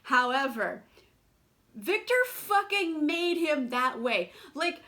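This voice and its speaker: A young adult woman casually reviewing books on her vlog, chatty and sarcastic, full of fillers and quick laughs. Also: sits high, big pitch swings, bright, forceful tone. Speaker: book vlogger.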